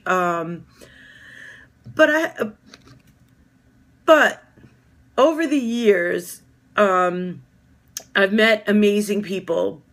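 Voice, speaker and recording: A woman in her fifties giving a heartfelt personal testimonial as a fitness coach, halting often with filler ums. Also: on the low side. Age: 50s.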